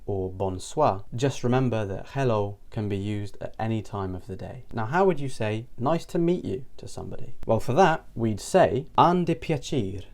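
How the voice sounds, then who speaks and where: A man giving an upbeat, clearly paced online language lesson. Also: fairly low pitch, animated, moderate pace, few pauses, a little mellow. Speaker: language teacher.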